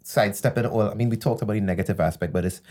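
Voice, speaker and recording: A man's voice: lowish voice, racing, darkish tone. Rambling man podcast guest. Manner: rambling storyteller with many fillers. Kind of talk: casual podcast chat.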